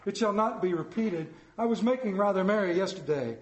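A man's voice: high voice, animated, brisk, reverberant, lo-fi sound, voice pushed up. A man voicing a meek male clerk who humbly pleads with his employer, read aloud in a sermon. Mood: pleading.

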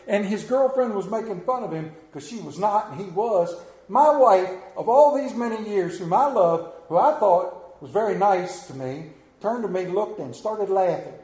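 A man's voice: high-pitched, expressive, normal speed, few pauses, a little mellow. A middle-aged man with an Appalachian accent preaching a sermon in a church, telling folksy, joking stories and putting questions to the congregation. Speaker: pastor. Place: church sanctuary. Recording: roomy echo of a church hall.

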